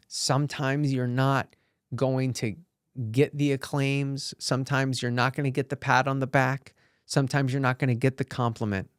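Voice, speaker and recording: A man of middle pitch tells stories from his acting career in a lively, encouraging voice. He restarts often, with plenty of fillers. The sound is dry and close to the mic. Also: no room sound. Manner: animated storytelling with many fillers and restarts. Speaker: podcast host and actor. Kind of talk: motivational solo podcast talk.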